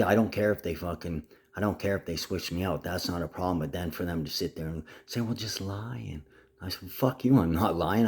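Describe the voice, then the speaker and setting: A man with a very low voice rambles through a video message to his family. He sounds agitated and swears freely as he hops from topic to topic. Now and then he slides into a put-on Aussie twang. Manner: profane, agitated, jumps between topics; slips in and out of a mock Aussie twang.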